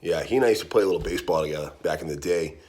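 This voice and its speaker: A man with a Boston accent telling an anecdote with a deadpan brag. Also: very deep voice, racing.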